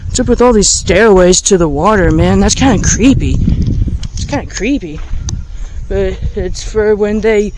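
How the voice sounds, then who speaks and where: A man's voice: sits high, darkish tone, a little hiss or hum, rough recording. A man chatting casually to his viewers while walking around a small riverside town with a handheld camera, easily amazed by what he sees. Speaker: vlogger.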